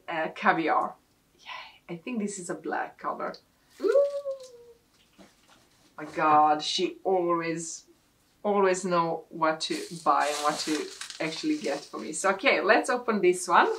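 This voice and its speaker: Gushing woman vlogger, slightly low voice. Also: a little hiss or hum. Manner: gushing, repeats "love it" over and over. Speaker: beauty vlogger. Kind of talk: unboxing a gift box. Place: home desk.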